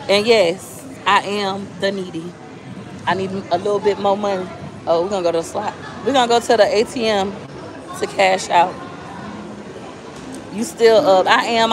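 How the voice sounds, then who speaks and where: A woman gambling on a live stream in a casino, coaxing the slot machine and chatting with her viewers. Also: fairly high pitch. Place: casino floor.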